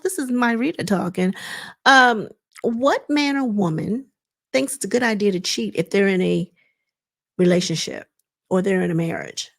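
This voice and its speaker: A woman's voice: medium pitch, gravelly. A woman hosting a casual recap of a reality TV episode. She talks in a chatty, digressive, slangy way as she retells scenes.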